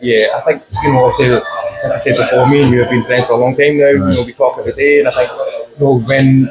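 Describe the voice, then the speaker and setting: A man's voice: medium pitch, flat delivery, fast talker, over a noisy crowd. A man hosting a casual chat, asking open questions in a reflective way. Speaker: host. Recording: echoey room.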